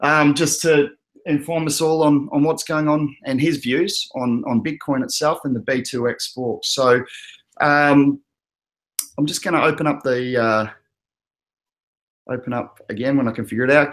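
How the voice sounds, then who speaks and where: A man's voice: mid-range voice, fairly even intonation, moderate pace. Easygoing Australian man hosting. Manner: easygoing, rambling, with frequent fillers and restarts. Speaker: host. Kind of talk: casual chat.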